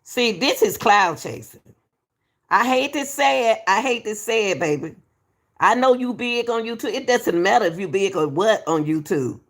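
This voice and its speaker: Woman, gravelly voice, reaction commentary, repeats herself, says baby. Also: mid-range voice, lively intonation, normal speed. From Atlanta, US. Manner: repetitive, emphatic, calls people baby. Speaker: YouTube commentator.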